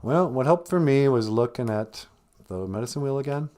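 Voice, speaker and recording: A man hosting a live stream, talking casually about grief with gentle, self-deprecating humor while holding back tears. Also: medium pitch, lively intonation, moderate pace. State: close to tears.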